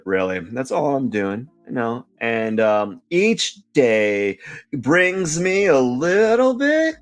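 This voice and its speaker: A man hosting his drawing vlog, chatting in a relaxed, rambling, self-deprecating way while he works. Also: medium pitch. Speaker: artist host. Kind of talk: casual drawing vlog talk.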